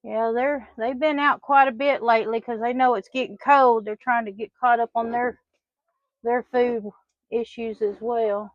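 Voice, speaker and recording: A woman's voice: fairly high pitch, steady tone, unhurried, no echo. A woman chatting while she does chores in a poultry pen, scolding her hens like children in a sing-song voice. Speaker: farm vlogger. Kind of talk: casual talk while doing farm chores. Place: outdoor poultry pen on a small farm. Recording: dull lo-fi outdoor recording.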